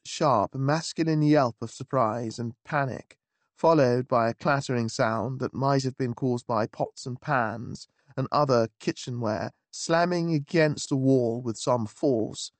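Guy reading an audiobook, wry and lively, middle pitch, dry close mic. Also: dry recording. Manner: wry, lively, genteel storytelling. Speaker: audiobook narrator. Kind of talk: scripted narration.

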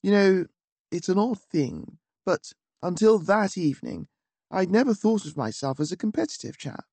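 A man narrating a first-person story in a wry, measured, theatrical manner. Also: high-pitched, animated, gravelly, a little mellow, dry recording. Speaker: audiobook narrator. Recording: dry close studio.

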